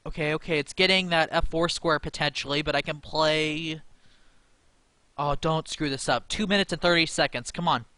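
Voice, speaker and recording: A man's voice: fairly high pitch, steady tone, moderate pace, bright, forceful tone, dry recording. A young man talking himself through a chess game against the computer, anxious and laughing nervously at his own moves. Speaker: chess streamer. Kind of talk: live game commentary.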